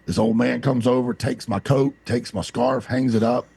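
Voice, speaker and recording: A man's voice: medium pitch, normal speed, creaky, slightly rough, dry recording. A man from the American South, co-hosting a podcast and telling long rambling stories in casual chat. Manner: rambling anecdotal storyteller, animated. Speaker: podcast co-host.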